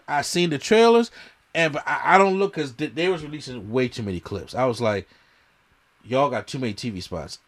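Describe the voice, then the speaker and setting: A man hosting a podcast, telling an emphatic, slangy story in casual movie chat and often repeating himself. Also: high voice. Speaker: podcast host.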